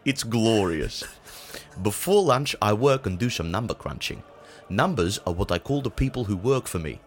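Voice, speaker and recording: A man voicing a brutish, self-important Dutch father with a Dutch accent, reading a spoof blog in a deadpan, pompous way. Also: lowish voice, moderate pace, a little hiss or hum. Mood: deadpan boastful.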